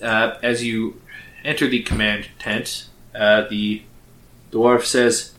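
A man narrating a tabletop role-play game as game master, in a relaxed way with many fillers. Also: fairly low pitch, slow pace, roomy sound.

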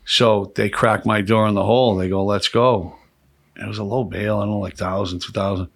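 A man, hosting a podcast and telling profane, animated stories with laughs. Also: lowish voice, fast talker, creaky. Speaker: podcast host. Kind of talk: casual storytelling chat.

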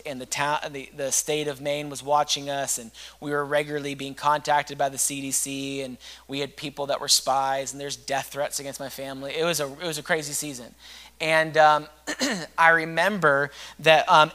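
Male pastor, sermon delivery, earnest storyteller, bright tone. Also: on the high side.

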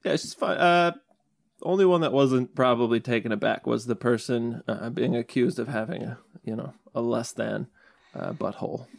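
A man's voice: mid-range voice, normal speed, gravelly, no echo, clean studio sound. A young man in casual podcast chat, tossing off wry jokes. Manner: wry, joking asides. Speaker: podcast co-host.

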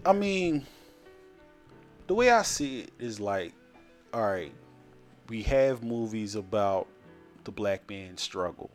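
Low-voiced man making his point. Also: big pitch swings, faint music behind. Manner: quick agreeing interjections, deliberate points. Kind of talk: casual discussion.

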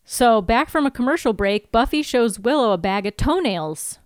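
A woman co-hosting a casual podcast, walking through an episode scene by scene. She voices the characters' lines with lively inflection. Her voice is smooth and clear, and the recording is close and dry. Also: a little high, moderate pace, no room sound. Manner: lively storyteller who acts out characters' lines. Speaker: podcast co-host. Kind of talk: casual chat, recapping an episode.

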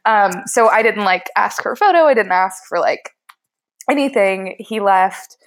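A woman's voice: mid-range voice, moderate pace. Chatty laughing woman telling a story. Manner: animated, laughing, many fillers like "like" and "um". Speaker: baker and cookbook author guest. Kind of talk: casual storytelling in a podcast interview.

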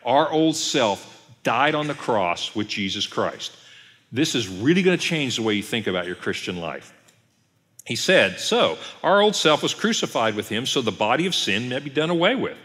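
A man, a pastor, giving an emphatic, conversational Bible teaching with pauses. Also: mid-range voice, big pitch swings, a bit bright. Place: church sanctuary. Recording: long reverb of a church hall.

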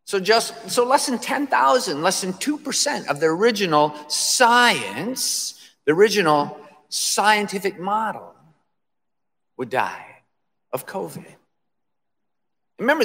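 Emphatic preacher man, lively pitch. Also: long reverb tail. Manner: emphatic, repeats phrases for effect. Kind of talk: sermon.

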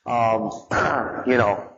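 A man teaching a live audience in a relaxed, conversational way, mixing in stories from growing up and frequent fillers. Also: medium pitch, very slow, creaky, dull audio, slight background noise. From Hawaii.

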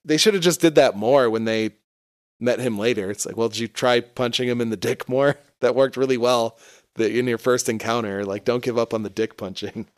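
A man's voice: medium pitch, steady tone, brisk, no echo, studio quality. A man in casual chat, joking crudely and laughing while he recaps a comic. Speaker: comic review podcast co-host.

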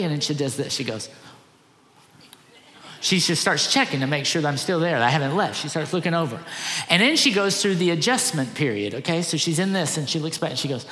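A middle-aged man, a pastor, giving an animated, conversational sermon with lots of repeated phrases. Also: fairly high pitch, brisk. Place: church auditorium. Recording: echoey church hall.

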